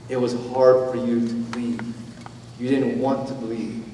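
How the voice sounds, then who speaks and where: A man preaching a sermon as pastor, with a conversational, gentle manner and casual fillers. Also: mid-range voice, flat delivery, moderate pace, slight background noise. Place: church sanctuary. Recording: roomy church hall, from a distance.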